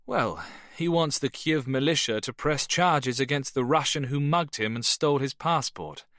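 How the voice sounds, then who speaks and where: A man voicing a brisk, dry-witted officer. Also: mid-range voice, a bit bright, dry recording, pitched above the performer's own voice, lightly acted. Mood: matter-of-fact.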